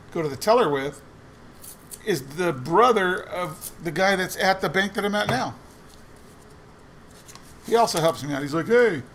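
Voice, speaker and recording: His voice is a little high, gravelly, and slightly bright, with slight background noise behind it. A coin roll hunting vlogger, he's searching coin rolls while casually telling a rambling anecdote, quoting the lines of other people.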